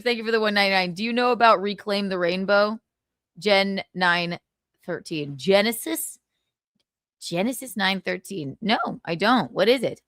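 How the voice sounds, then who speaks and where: A woman's voice: medium pitch, normal speed, a bit bright, dry recording, studio quality. A woman hosting a casual gossip live stream, sarcastic and laughing, with plenty of swearing.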